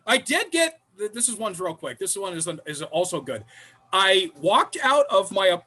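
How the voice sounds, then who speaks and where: A man telling funny stories in an animated way, acting out the lines of the people in them. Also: high-pitched, moderate pace. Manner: lively, acts out other people's lines. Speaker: improv troupe member telling stories. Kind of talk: animated comic storytelling.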